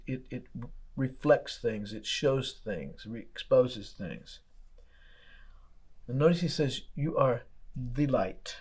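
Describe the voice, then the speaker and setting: A man's voice: medium pitch, slow, pauses often, a little mellow, husky. A man, a church pastor, giving a daily devotional sermon in a folksy storytelling way, asking his listeners plain questions.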